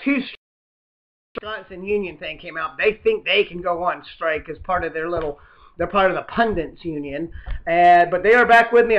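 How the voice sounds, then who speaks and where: A high-voiced man hosts his own show and rattles off a sarcastic political monologue. He rambles, stumbles over names and leans on fillers. The recording is dull and lo-fi. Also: a bit bright. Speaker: host. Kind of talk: satirical political news monologue.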